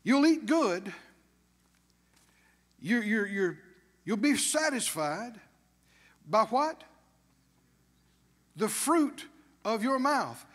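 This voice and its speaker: A man's voice: high-pitched, big pitch swings, drawn-out words, long pauses, a bit bright, big-room sound. A man preaching a sermon as pastor, emphatic, with call-and-response questions to the congregation.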